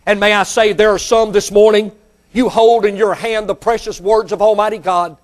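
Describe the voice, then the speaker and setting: A man preaching a sermon who speaks straight to his listeners, repeats phrases for emphasis and builds to shouts on key points. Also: high voice, steady tone, normal speed.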